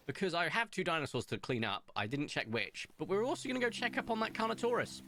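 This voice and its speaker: Young male streamer, rambling and animated, lively pitch, soft music underneath. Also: fast, few pauses. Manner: chatty, rambling, animated storytelling. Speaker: game streamer. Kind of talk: casual gameplay commentary.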